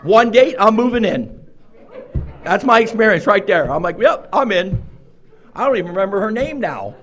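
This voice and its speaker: A man's voice: high voice, big pitch swings, normal speed, a bit bright. A man speaking at a recovery meeting, telling his own story with wry, self-mocking humor and frequent laughs, in a meeting room.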